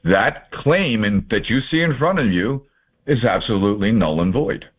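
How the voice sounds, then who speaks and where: A man's voice: lowish voice, animated, moderate pace, husky. A man walking through court documents in a folksy, informal way, marking items off one by one with sarcastic asides. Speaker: presenter explaining court papers. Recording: tinny phone-like audio.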